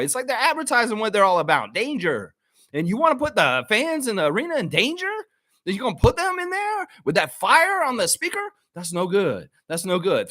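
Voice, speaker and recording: A man's voice: a little high, a bit bright, no room sound, studio quality. A man hosting a live sports chat stream, brash and trash-talking, reading viewer comments aloud.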